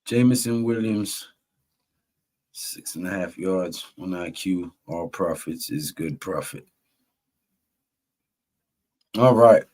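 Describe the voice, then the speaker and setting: A man's voice: deep voice, slow, a little mellow. A man hosting a live game-watch stream, greeting chat viewers by name and calling the plays like a broadcaster. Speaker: host.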